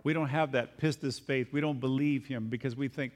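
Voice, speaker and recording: A man's voice: mid-range voice, steady tone, fairly quick, few pauses. A male pastor preaching a sermon, reading scripture and acting out the scenes with a rising voice.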